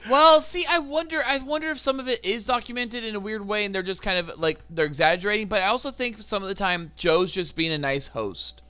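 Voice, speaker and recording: A man co-hosting a podcast in casual chat, excitable, quick to protest and swearing freely. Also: high voice, clean tone. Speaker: podcast co-host.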